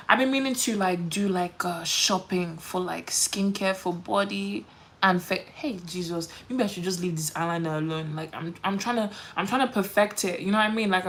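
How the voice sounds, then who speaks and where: A woman's voice: on the low side, a little fast, fairly bright tone. A woman, chatting animatedly while doing her makeup on a livestream, full of quoted voices and laughter. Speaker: beauty livestream host.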